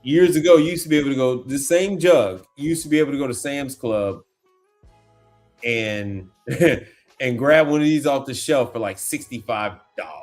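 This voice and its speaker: A man hosting a casual livestream, talking in an animated, slangy way, exclaiming and repeating himself as he reacts. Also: medium pitch, moderate pace, soft background music. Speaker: appliance repair tech livestream host. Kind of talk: casual livestream chat while browsing online.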